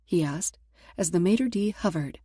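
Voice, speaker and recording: A woman reading a romance novel aloud as an audiobook narrator in a steady, even way. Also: fairly low pitch, measured pace, slightly rough, no echo, clean studio sound. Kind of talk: scripted narration.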